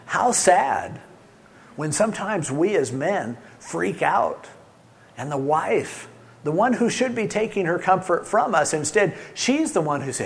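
Animated middle-aged male pastor preaching. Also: high-pitched, a little slow, vocal fry. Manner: animated, shifting between loud emphasis and soft soothing asides. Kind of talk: sermon.

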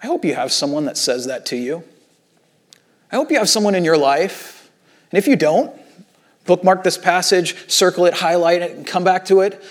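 A man preaching a sermon as a pastor, retelling Bible stories in lively acted-out voices and casual asides. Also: sits high, normal speed.

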